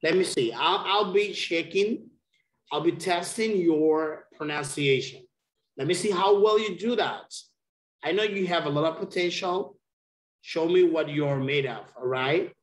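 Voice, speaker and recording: A man's voice: on the high side, reverberant. A man teaching English in an online lesson, patiently explaining pronunciation and encouraging his student. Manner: patient, encouraging, slow and deliberate.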